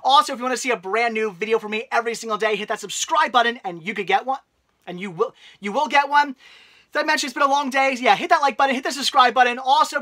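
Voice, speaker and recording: An excitable man hosts a casual home vlog, gushing freely and leaning on filler words. His voice is bright and forceful. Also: very high-pitched. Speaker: channel host.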